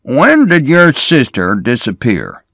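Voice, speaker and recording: A man reading the lines of a middle-aged small-town sheriff who questions people in a measured way. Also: mid-range voice, wildly swooping pitch, gravelly, a bit bright, no room sound, studio quality, pitched above the performer's own voice, full character voice. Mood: questioning.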